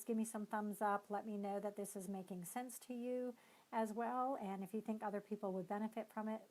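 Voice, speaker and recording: A woman coaching team leaders on a live stream. She talks in a loose, conversational way and explains as she goes, leaning on hedging fillers. Her voice sits at an ordinary middle pitch. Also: rough recording. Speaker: neuropsychologist and team-building coach. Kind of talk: live-streamed motivational talk.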